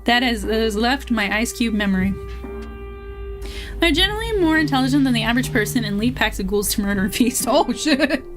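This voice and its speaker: A woman's voice: a little high, animated, fairly quick. A young woman streaming, chatting casually, swearing freely and reading chat aloud. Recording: faint music behind.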